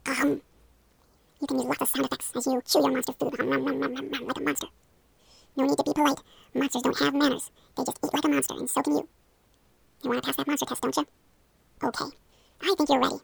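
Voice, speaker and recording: A young woman guides a playful hypnosis role-play in a high, heavily fried, gravelly voice. She talks quickly, coaxing and encouraging the listener along, with a dry, close sound. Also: flat delivery, no echo.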